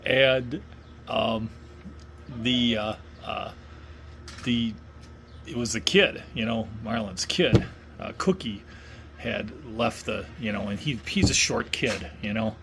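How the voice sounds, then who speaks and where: A man's voice: on the low side, slow, vocal fry, long pauses, background noise. A middle-aged man from Wisconsin telling a casual story in a rambling way, full of fillers and restarts. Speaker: vlogger.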